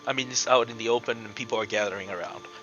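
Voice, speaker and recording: A man's voice: lowish voice, racing, lo-fi sound, over loud music. A man narrating as game master, describing scenes and calling for checks, with many fillers and restarts.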